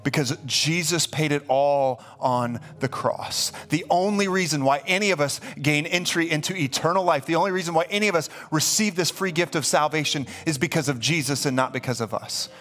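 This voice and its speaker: A man's voice: on the high side, brisk, hardly any pauses. A man preaching a sermon as pastor, emphatic and repeating himself as he builds. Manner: emphatic, repeats words when excited. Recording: live church stream with faint music.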